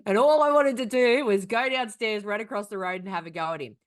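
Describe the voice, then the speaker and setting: A woman's voice: medium pitch, fairly quick. A young woman co-hosting a podcast, telling a story in casual, profane chat. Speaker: podcast co-host.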